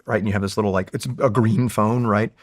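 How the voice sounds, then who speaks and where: Animated, profane male Marine veteran from California. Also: on the low side, fast talker. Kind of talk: storytelling in a casual interview.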